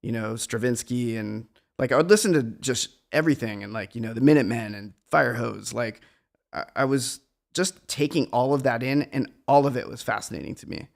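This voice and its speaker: Play a middle-aged musician sitting in as a guest, gravelly at the edges, looping back on his thoughts and undercutting himself as he reflects on the past. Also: mid-range voice, fairly quick. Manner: meandering, reflective, self-deprecating. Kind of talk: casual conversation.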